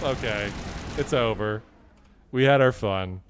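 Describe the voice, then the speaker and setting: A man streaming a video game live, laughing hard and reacting with excited, profane commentary. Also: medium pitch, a little slow, a little hiss or hum.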